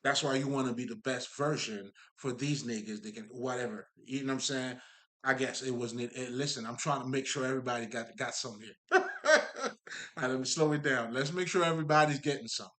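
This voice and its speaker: A man's voice: medium pitch, fast talker, fairly bright tone. A man giving a casual spiritual monologue, emphatic and profane, rambling with many fillers and asides to his listeners. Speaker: spiritual talker.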